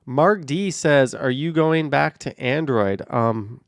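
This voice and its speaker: Gravelly man chatting from a car. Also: medium pitch, expressive, slow pace, no echo, clean studio sound. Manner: offhand, rambling, hedges with "I don't know". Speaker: livestream host. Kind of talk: casual live chat, reading viewer comments. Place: in a car while driving on a highway. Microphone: camera on a car mount.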